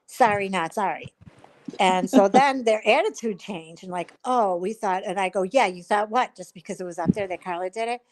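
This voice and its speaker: A woman's voice: medium pitch, fairly quick, few pauses, low-quality recording. Chatty woman retelling online drama. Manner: chatty storyteller, retells conversations with quoted voices. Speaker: livestream host. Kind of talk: casual chat on a live stream.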